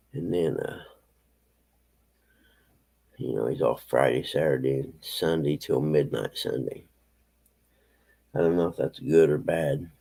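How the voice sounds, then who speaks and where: Drawling low-voiced man, gravelly. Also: dark tone, low-quality recording. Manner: rambling, drawling, talks to his pets. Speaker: live streamer. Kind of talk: early-morning casual livestream chat. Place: home, indoors.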